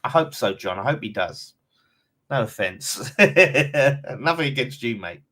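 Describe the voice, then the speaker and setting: A man's voice: mid-range voice, lively intonation, unhurried, pushed and bright. A man with an Essex accent hosting a casual fan live stream, reading out viewer comments in a blunt, chatty way and calling everyone mate. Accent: London and Essex.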